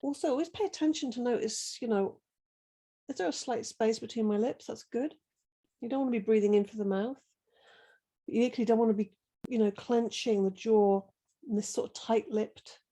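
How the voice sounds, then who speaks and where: A middle-aged woman guiding a slow floor-based yoga class, giving gentle, soothing breathing and movement cues with many pauses. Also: on the high side, poor audio. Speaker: yoga teacher. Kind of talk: guided yoga class instruction.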